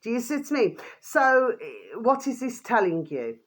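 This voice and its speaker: A woman's voice: on the high side, very animated, moderate pace. An older woman vlogging in a rambling casual monologue, full of fond pet names, fillers and trailing restarts.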